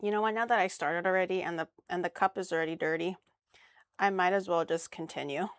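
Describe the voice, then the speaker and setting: A woman's voice: fairly low pitch, fast, dry recording. A young woman streaming as she cooks, chatting casually with crude jokes and easy swearing. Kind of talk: casual cooking stream chat.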